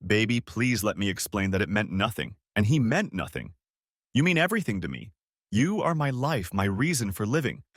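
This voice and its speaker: A desperate young wife, her voice raised higher and pleading for forgiveness, as a male narrator puts her on. The delivery swings with lively rises and falls. The recording is close and dry, with no room sound. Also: normal speed, no room sound. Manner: desperate, begging.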